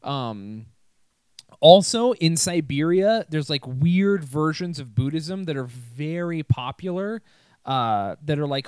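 A young man telling stories on a podcast, cussing freely and laughing as he goes. His voice sits a bit high and comes across smooth and resonant. The sound is dry and close, with no room around it. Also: darkish tone, no room sound. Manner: laughing, profane storytelling. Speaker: podcast co-host. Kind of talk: casual chat.

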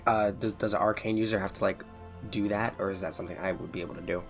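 A man's voice: low voice, fairly even intonation, fast talker, creaky, faint music behind. A man playing a tabletop game, talking casually with earnest stammering restarts. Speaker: player.

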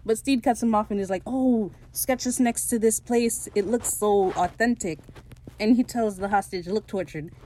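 Woman, podcast host, casual chat, animated storytelling, frequent laughs. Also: medium pitch, moderate pace, slight background noise. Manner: animated storytelling, quotes characters in put-on voices, laughs often. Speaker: podcast host recapping a TV episode.

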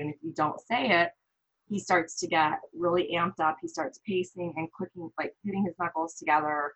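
Husky lower-voiced woman telling a story. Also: fairly quick, muffled recording. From Midwest US. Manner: animated, quotes others in lively voices. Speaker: guest, parent. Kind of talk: casual interview storytelling.

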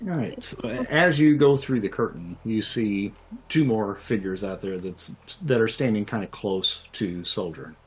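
A man narrating a tabletop game as game master, describing scenes in a relaxed way with many fillers. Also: fairly low pitch, measured pace.

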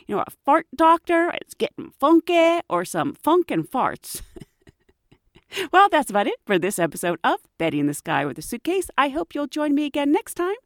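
A woman hosting a podcast, telling stories in a casual, animated way and laughing often. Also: high voice, moderate pace, no room sound, clean studio sound. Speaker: podcast host. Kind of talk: casual storytelling chat.

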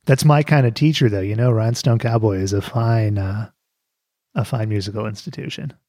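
A man's voice: fairly low pitch, a little fast, warm tone, no echo, studio quality. A man co-hosting a podcast, chatting casually and cracking jokes. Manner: joking, playful, laughs often. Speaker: podcast co-host. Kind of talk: casual chat.

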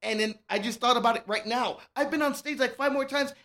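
A man's voice: very high voice, a little fast. A man from Laredo, a stand-up comic, telling stories in a casual chat and acting out the people in them. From Laredo, Texas. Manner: animated storyteller acting out voices. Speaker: stand-up comedian guest. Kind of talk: casual podcast storytelling.

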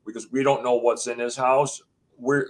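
A man from the USA telling a chilling story of his own past. He rambles and acts out what others said, now and then swearing. His voice sits in a middle pitch. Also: flat delivery, normal speed. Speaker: guest, homeowner telling a haunting story. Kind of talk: animated storytelling in conversation.

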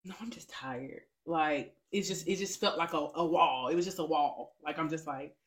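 A woman co-hosting a casual faith podcast, telling her story with lively acted-out quotes. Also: sits low, normal speed. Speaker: podcast co-host.

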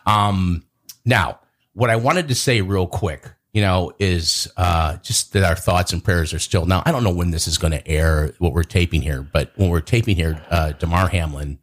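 A man with a deep voice, speaking at a moderate pace, tells a story in casual chat as the host. He's animated, acting out quotes in a raised voice.

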